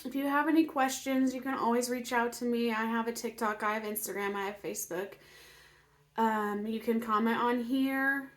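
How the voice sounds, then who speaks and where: In a steady tone at normal speed, a woman with a slightly high voice opens up emotionally about her healing in a casual vlog. Near tears, she speaks with many fillers and sometimes falls to a whisper.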